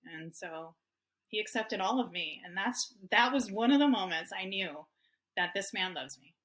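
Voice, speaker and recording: Woman, fifties, candid, emotional, laughing often, average pitch. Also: expressive, normal speed, a bit bright. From Hawaii, United States. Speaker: guest author. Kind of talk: candid personal storytelling.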